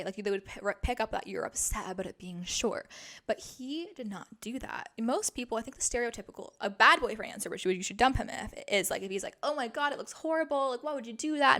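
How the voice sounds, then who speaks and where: A woman's voice: mid-range voice, pushed and bright. A woman in her twenties hosting a podcast, giving casual dating advice in an emphatic, chatty way full of filler words. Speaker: podcast host.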